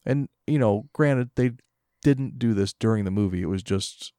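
A man's voice: on the low side, moderate pace, warm tone, no room sound, studio quality. A man co-hosting a podcast, ranting in a casual, profane, mocking way. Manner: ranting, heavy swearing, mocking imitations. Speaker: podcast co-host.

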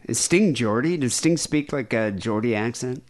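Animated rambling male podcast host. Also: mid-range voice, normal speed. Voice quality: nasal. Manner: animated, rambling, self-deprecating. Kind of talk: casual chat.

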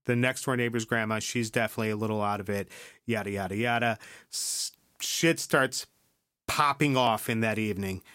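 A man's voice: mid-range voice, pushed and bright, smooth, no echo. A man with a mid-range voice talks loosely through a recap as a podcast host, dropping curses and checking in with "right?". The sound is dry and close, with no room around it. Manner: loose storytelling with tag questions and cursing; skips ahead with "yada, yada". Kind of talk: casual chat, episode recap.

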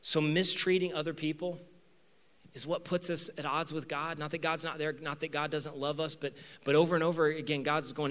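Man, pastor preaching a sermon, high bright voice, animated delivery, acts out story voices. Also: fairly quick. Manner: animated, acts out voices in the story, swings between loud emphasis and quiet asides. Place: church with two campuses.

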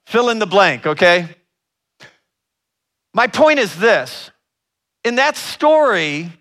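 Brief: relationship educator, animated storyteller, high and bright tone. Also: male voice. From Northern Ohio. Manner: animated storyteller with asides to the audience. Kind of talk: storytelling talk.

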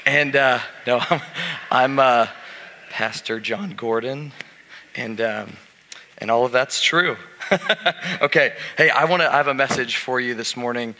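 Male pastor, fairly high ringing voice, emphatic sermon in a reverberant church. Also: moderate pace, bright, forceful tone. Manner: jokey, emphatic preaching with a congregation. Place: church sanctuary.

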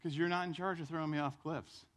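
A preacher acting out a calm, unafraid man who talks down a mob in a sermon. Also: a little high, quick pace, lightly acted. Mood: calm defiance. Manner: calm and unbothered.

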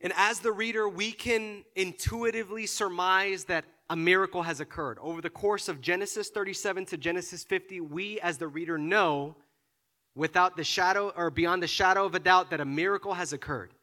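A man preaching a sermon, often repeating his words and building to loud, emphatic peaks. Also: high voice, a little fast. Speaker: pastor.

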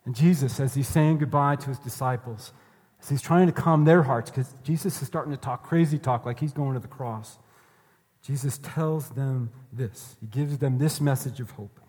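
A man's voice: mid-range voice, normal speed, a little mellow, husky. A male pastor preaching a sermon earnestly, repeating his key phrases for emphasis. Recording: reverberant hall.

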